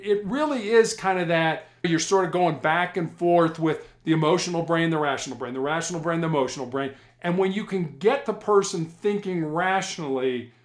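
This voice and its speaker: A middle-aged man, a former police hostage negotiator, telling stories in an interview and acting out both sides of the talk. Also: a little high. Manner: animated, acts out both sides of conversations. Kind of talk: storytelling in a podcast interview.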